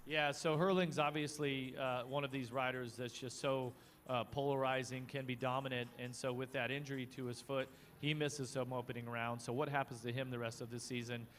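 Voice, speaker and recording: Male co-host, mid-pitched, laid-back teasing chat outdoors. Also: little pitch movement, brisk, fairly bright tone, a little hiss or hum. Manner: easygoing, teasing, many fillers. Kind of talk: live paddock broadcast chat. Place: outdoor motocross paddock.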